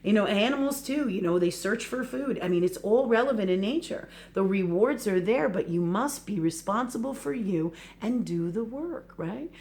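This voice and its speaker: Woman, spiritual teacher on a livestream, earnest, repeats herself, mid pitch. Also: animated, normal speed, hardly any pauses, darkish tone. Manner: earnest, repetitive, checks in with "okay" and "right".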